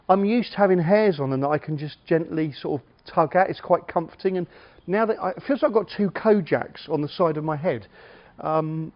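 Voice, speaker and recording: A man's voice: a little high, highs cut off. A middle-aged man with an English accent, a minister giving a short, chatty sermon with humorous stories. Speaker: lead minister.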